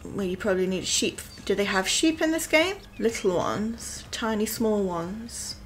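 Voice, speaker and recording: A woman's voice: medium pitch, normal speed. A woman giving casual, chatty let's-play commentary on a life-sim game and teasing her characters. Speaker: gaming YouTuber. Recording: soft background music.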